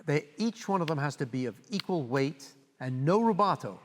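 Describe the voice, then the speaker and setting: A man's voice: on the high side, moderate pace, a little hiss or hum. Older man coaching in a reverberant hall. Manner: animated, sings phrases aloud. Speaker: conductor coaching a brass player. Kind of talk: master class coaching.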